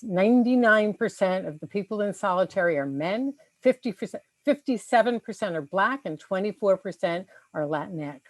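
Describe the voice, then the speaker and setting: Low-voiced woman reading a firm statement. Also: no echo. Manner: measured, statistic-heavy advocacy. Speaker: civil liberties group director. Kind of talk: prepared press conference speech.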